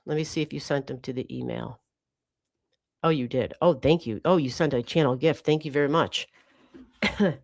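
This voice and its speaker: A woman's voice: low voice, lively intonation, measured pace, long pauses, a bit bright. A woman hosting a livestream astrology reading, rambling casually and correcting herself as she talks to viewers.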